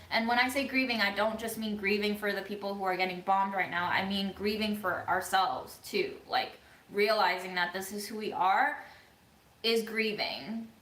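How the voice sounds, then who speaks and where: A woman vlogger giving an earnest, thoughtful monologue, speaking slowly with frequent pauses and ums. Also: mid-range voice, fairly bright tone, roomy sound, slight background noise, poor audio. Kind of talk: reflective monologue.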